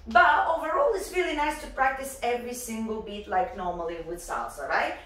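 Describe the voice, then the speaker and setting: Lively woman teaching dance, echoey room. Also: on the high side, brisk, hardly any pauses, far from the mic. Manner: lively, counts beats aloud. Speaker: dance instructor. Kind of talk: upbeat dance tutorial.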